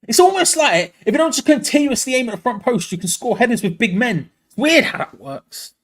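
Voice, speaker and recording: A young man doing live fan commentary on a match, excitable and groaning in frustration. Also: extremely high pitch, brisk. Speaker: fan watch-along host.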